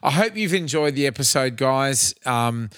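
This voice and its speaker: A man's voice: medium pitch, animated, moderate pace, a bit bright, smooth, no room sound, clean studio sound. A man with an Australian accent co-hosting a podcast in casual chat, loose and upbeat, a little tipsy. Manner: loose, chatty, upbeat plugs. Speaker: podcast co-host.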